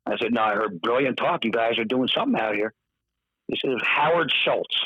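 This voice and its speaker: A man telling a story in casual podcast chat, lively and acting out the voices of the people he quotes. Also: mid-range voice, a little fast, husky, no room sound. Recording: dull, dry podcast audio.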